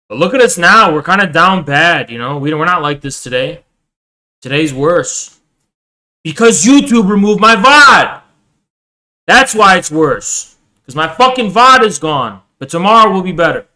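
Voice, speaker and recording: A man runs a casual livestream and talks straight to his chat, excitable and quick to swear. His voice sits a little high and has a bright edge.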